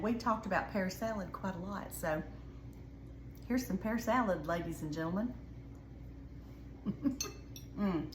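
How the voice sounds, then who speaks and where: A woman's voice: medium pitch, reverberant, noisy background. A woman with a Southern US accent hosting a casual cooking video, chatting to viewers in a folksy way. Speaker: cooking show host.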